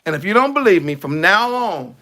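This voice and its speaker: A man preaching a conversational sermon, drops his voice low for emphasis. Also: very animated, brisk, sharp tone.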